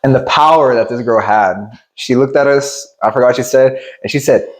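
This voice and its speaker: Young dude cohosting a podcast, goofy animated storytelling. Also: male voice, mid-range voice, moderate pace, poor audio. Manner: animated, joking storytelling with laughs. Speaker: podcast co-host. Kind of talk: casual chat.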